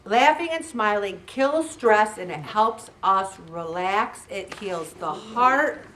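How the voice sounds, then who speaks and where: A middle-aged woman giving a casual motivational talk to a faith group, animated and laughing often as she tells stories. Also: medium pitch, slow, recorded from a distance.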